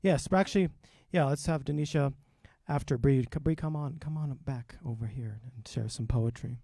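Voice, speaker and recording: A man hosting a live open mic in a relaxed, rambling way with many fillers, speaking into a stage mic. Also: medium pitch, moderate pace, vocal fry, dry recording, clean studio sound. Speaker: open mic host and educator.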